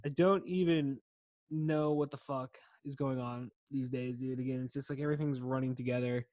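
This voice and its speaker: A man's voice: mid-range voice, steady tone, normal speed, a little mellow, no echo. A man in his thirties hosting a podcast, rambling casually while stoned, laid-back and profane, saying "dude" all the time. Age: 30s. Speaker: podcast host.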